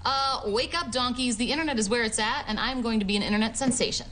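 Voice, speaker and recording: An actress playing a brash, defensive young woman with big plans, speaking in a quick, sarcastic way. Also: on the high side, a bit bright, natural voice. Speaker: sitcom character. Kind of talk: sitcom acting. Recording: show audio with background noise.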